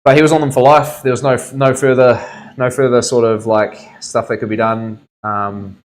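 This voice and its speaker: A man's voice: medium pitch, little pitch movement, normal speed. A young man, a tattoo artist chatting casually on a stream and telling rambling stories full of slang. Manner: laid-back, rambling storyteller full of "like", "bro" and "eh". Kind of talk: casual chat.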